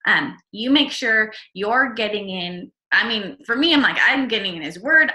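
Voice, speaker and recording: A woman's voice: mid-range voice, pushed and bright, reverberant. A woman giving an earnest, encouraging mindset talk on a video call, repeating her key phrases. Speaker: network marketing leader.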